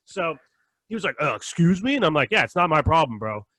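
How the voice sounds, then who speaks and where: A man's voice: fairly high pitch, big pitch swings, quick pace, sharp tone, no echo. A man hosting a podcast, telling rambling stories in casual chat and acting out what others said, laughing often. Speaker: podcast host.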